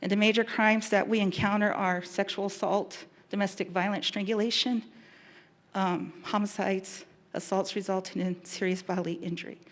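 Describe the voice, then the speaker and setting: A woman who works as a victim specialist giving an earnest, emotional talk, pausing and restarting as she goes. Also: medium pitch, fairly even intonation. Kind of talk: public talk.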